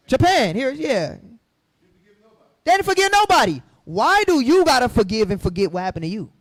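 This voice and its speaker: High-voiced fiery man teaching scripture. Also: no echo. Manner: preachy, asks the room questions, rises to shouting.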